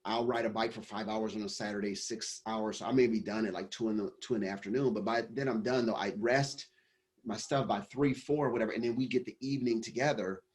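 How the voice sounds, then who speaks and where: A man's voice: fairly low pitch, fairly even intonation, brisk. A man, a business coach and company founder, giving a casual interview answer in a rambling way with many restarts.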